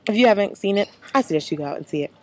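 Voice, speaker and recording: A woman's voice: medium pitch, expressive, rapid-fire, no echo. A young American woman vlogging casually, chatty and rambling with lots of fillers. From United States. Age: young adult. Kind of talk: casual vlog.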